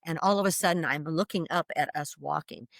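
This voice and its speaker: A woman guest vividly retelling a personal experience, animated, with restarts and laughs. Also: low voice, fairly quick, vocal fry, dry recording, clean studio sound. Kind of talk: personal storytelling.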